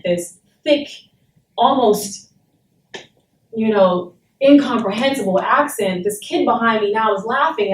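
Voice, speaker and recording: A woman from Saint Thomas in the Virgin Islands, speaking to a university class and telling a personal story in a blunt, emphatic way, with frequent swearing. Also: mid-range voice. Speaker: guest speaker. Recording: roomy and distant, faint background noise.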